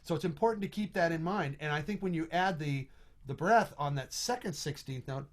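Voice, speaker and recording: A middle-aged man with a slightly high voice and lively intonation teaches trombone over a video call at a brisk pace. He talks casually, thinks aloud and sings rhythms on "da" syllables during the online music lesson.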